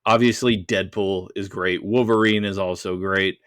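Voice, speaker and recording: A man with a lowish voice gives relaxed, blunt opinions in a casual film review podcast. He swears offhandedly. His recording is dry, with no room around it. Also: normal speed, clean tone, no room sound. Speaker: podcast co-host. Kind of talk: casual movie review chat.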